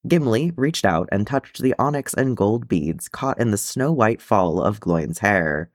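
A man reading a fan fiction chapter aloud in an expressive storytelling manner. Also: lowish voice, measured pace, hardly any pauses, no echo, clean studio sound. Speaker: audiobook reader.

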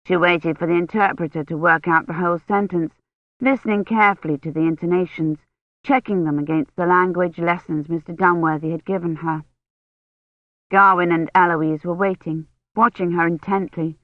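A woman narrating an audiobook in a measured, steady reading voice. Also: fairly low pitch, no echo. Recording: dull, dry studio read.

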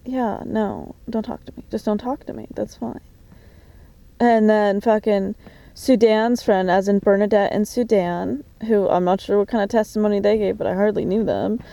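A woman records herself on a phone, venting in an agitated, suspicious ramble laced with swearing. Her voice is dark and mellow, and the sound is dry and close. She halts often on fillers and restarts mid-thought. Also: medium pitch, creaky, dry recording. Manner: many fillers and halting restarts. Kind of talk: casual monologue to camera, diary-like.

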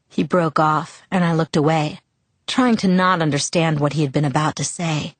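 A woman narrating a first-person novel as an audiobook, steady and reflective. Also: low voice, moderate pace, no room sound.

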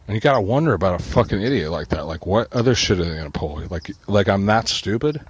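A man's voice: low-pitched, lively intonation, fast talker, a little hiss or hum. A man delivering an agitated, profane ranting monologue, swearing constantly and muttering to himself.

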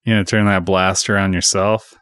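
A man hosting a podcast, casually retelling a movie scene by scene and quoting its dialogue in a plain, even way. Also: sits low, fairly quick, smooth, no room sound, clean studio sound. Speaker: podcast host.

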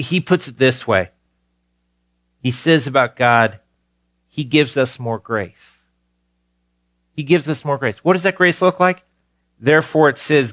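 A pastor preaches an earnest sermon, repeating key phrases for emphasis and swinging from rising urgency to quiet, low tones. The recording is dry and of studio quality.

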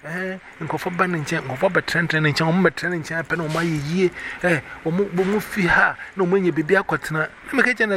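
A man with a Ghanaian accent telling a personal testimony in a casual, animated way, switching between Twi and English. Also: on the high side, brisk, few pauses, crowd noise. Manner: mixes Twi and English, animated retelling with quoted voices. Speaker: evangelist. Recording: audible background noise.

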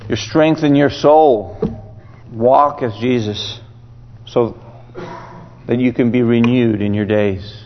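A man preaching an exhortation, repeating calls to renew and get back. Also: fairly high pitch. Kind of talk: sermon. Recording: dull sound with long hall reverb.

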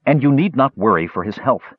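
A man's voice: medium pitch, animated, fairly quick, slightly rough, dry recording, pitched above the performer's own voice. A man voicing a stern, guarded male half-elf swordsman who speaks firmly and sometimes growls. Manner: firm, growling. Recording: slightly dull lo-fi audiobook recording.

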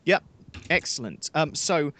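A man co-hosting a podcast in casual chat, joking in a lively way and talking in quick bursts. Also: on the high side, background noise. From England. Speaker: podcast co-host.

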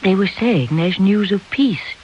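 A timid middle-aged spinster with a soft, hesitant voice, ever anxious to please, as a reader puts her on. The recording is slightly dull and lo-fi. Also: medium pitch, measured pace, a little hiss or hum, natural voice.

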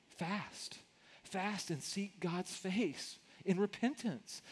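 A man's voice: high-pitched, expressive, very slow, slightly rough. A middle-aged man, a pastor, preaching a sermon in a conversational way, often repeating words as he starts sentences.

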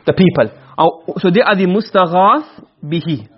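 A man teaching Arabic grammar to a class, asking questions and answering them himself, and reciting verses slowly. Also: high-pitched, lively intonation, breathy edge, lo-fi sound. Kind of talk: classroom lecture.

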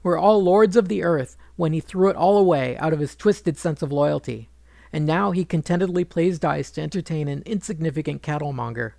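A man voicing a proud queen who is furious and grieving, speaking bitterly in his gravelly storytelling voice. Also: a little high, a little fast, darkish tone, no room sound. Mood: bitter, pleading. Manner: bitter, accusing speech.

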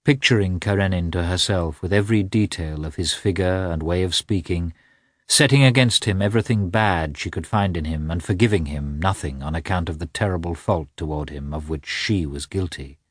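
A man narrates a classic novel with measured, expressive phrasing. His voice is low and slightly husky, moving through a lively range of pitch. The reading sounds close and dry, with no room around it. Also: no room sound. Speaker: audiobook narrator.

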